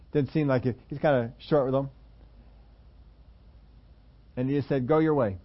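A man's voice: mid-range voice, steady tone, measured pace, highs cut off. Conversational male pastor preaching. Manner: conversational preaching, acts out quoted voices. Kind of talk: sermon.

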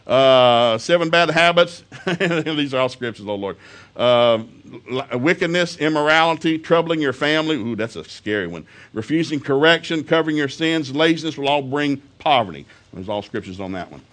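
A man's voice: medium pitch, a bit bright. Brief: middle-aged male preacher, folksy humorous storyteller, laughs through his sermon.

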